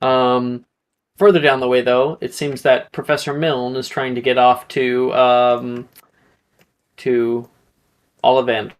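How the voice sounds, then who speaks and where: A man narrates as game master in a tabletop game. He talks in a chatty, rambling way at an ordinary middle pitch. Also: level tone, slow pace, long pauses.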